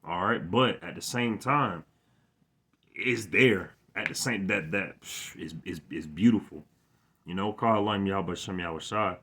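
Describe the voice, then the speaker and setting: Deep-voiced guy doing a casual bible talk on his phone, stutters and restarts a lot. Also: husky. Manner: halting, repeats words, stammers when excited; reads verses aloud with more force. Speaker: scripture teacher. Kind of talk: informal scripture lesson.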